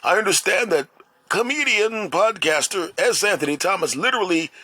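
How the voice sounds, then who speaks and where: A scandalized male gossip reporter, high-pitched and outraged, as a man puts the voice on in his own podcast. The voice jumps well above his normal speaking range. It drips with mock disgust and stretches out its words. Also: animated, normal speed, sharp tone, no echo, exaggerated voice. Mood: mock outrage. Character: shocked gossiping male news voice.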